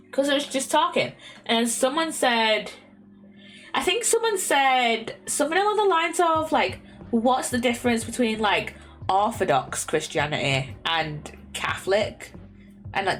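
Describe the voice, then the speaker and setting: A woman's voice: on the high side, fairly bright tone. Rambling young woman streamer. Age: young adult. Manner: rambling, with many fillers, restarts and laughs. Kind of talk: casual chat. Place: her bedroom. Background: faint lo-fi music.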